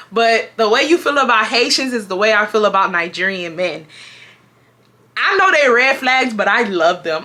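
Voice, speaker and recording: A woman in her twenties from Houston, Texas, reading a viewer's story aloud on her vlog and joking about it. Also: mid-range voice. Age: 20s. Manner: animated and playful, laughing and joking between parts. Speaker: YouTuber.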